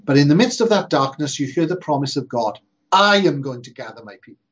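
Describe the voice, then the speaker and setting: A man preaching a sermon in an earnest, emphatic way, slowing down to stress repeated phrases. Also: a little high, animated, breathy edge. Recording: dull lo-fi sermon recording.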